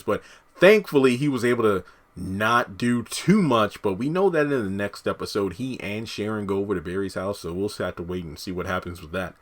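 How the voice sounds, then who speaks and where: A man with a fairly low voice talks through a TV episode recap in a casual, rambling way. He pads his sentences with fillers and restarts as he goes. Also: lively intonation, a little fast. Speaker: TV episode reviewer.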